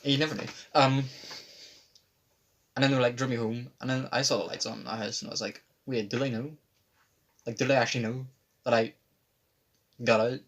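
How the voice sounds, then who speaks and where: A man's voice: mid-range voice, steady tone, normal speed, long pauses. A young man, telling a rambling, sweary story on a casual podcast. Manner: rambling, swears a lot, mimics others in quotes. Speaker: podcast host. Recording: faint background noise.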